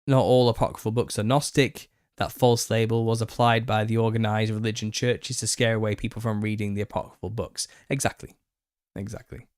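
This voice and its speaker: A man hosting a live Q&A stream, opinionated and quick to get worked up, laughing as he rants. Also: on the low side, little pitch movement, darkish tone, clear, resonant tone, no room sound, clean studio sound. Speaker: channel host. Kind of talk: live Q&A monologue.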